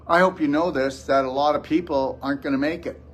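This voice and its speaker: Man, slightly high-pitched, blunt, scolding, motivational lecture, wellness host. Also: fairly even intonation, a little fast, faint music behind. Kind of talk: motivational lecture to a live audience.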